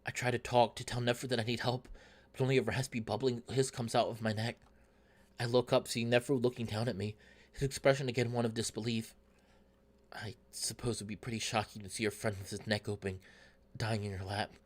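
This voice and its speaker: A man's voice: medium pitch, brisk. Man narrating a visual novel. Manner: steady first-person narration. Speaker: let's play narrator. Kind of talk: reading a visual novel aloud.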